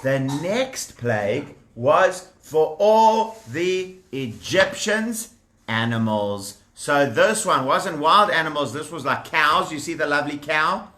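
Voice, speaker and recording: Animated male storyteller for children with a high, bright voice, recorded in an echoey room. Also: takes it slowly, slight background noise. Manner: lively, animated, talks directly to the children with props.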